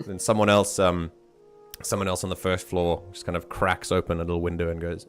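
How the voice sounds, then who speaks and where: Male GM, deep, halting narration over faint music. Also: flat delivery. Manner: hesitant, lots of fillers. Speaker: game master. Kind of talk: narrating a tabletop game.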